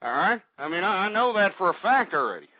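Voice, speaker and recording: An older man hosting a political talk radio show, ranting and swinging up into furious shouting, peppered with "folks" and "I mean". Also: high voice, big pitch swings, fast, dry recording. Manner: repeats "folks" and "I mean" constantly. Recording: tinny, dry phone-like line.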